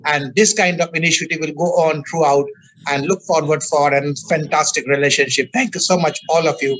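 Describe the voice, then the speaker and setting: A man thanking speakers and closing an online conference, halting with many fillers, on a video call. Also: fairly high pitch, fairly even intonation, a bit bright, rough recording. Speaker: conference convener.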